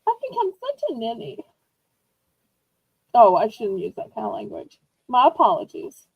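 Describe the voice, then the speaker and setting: A woman hosting a live online auction from home, chatty and rambling, teasing herself as she pitches items. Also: huge pitch swings, normal speed, creaky, breathy edge, no echo, narrow, tinny audio. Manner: bubbly, rambling, self-teasing. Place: indoors at home.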